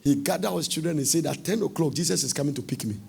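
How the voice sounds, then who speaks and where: A man with a Ghanaian accent preaching a sermon with fervor, shouting and half-singing his lines and swinging his pitch widely. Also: animated, quick pace, vocal fry. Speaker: prophet preaching.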